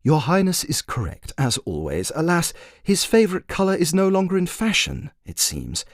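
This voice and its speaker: A man's voice: on the high side, huge pitch swings, normal speed, no echo, pitched above the performer's own voice. A man voicing a patient royal servant who speaks formally, deferentially and with dry understatement.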